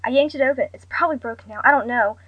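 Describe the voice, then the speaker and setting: A woman's voice: high-pitched, very fast, no room sound, phone-quality sound, voice pushed up. A woman voicing a frightened, sobbing middle-aged mother who stammers and cries out in panic. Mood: panicked.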